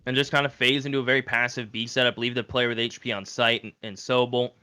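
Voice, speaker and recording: A man commentating an esports match, animated and climbing to shouted calls in clutch moments. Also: mid-range voice, quick pace, smooth. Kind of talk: esports color and play-by-play commentary. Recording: game gunfire noise behind. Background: game gunfire and clicks.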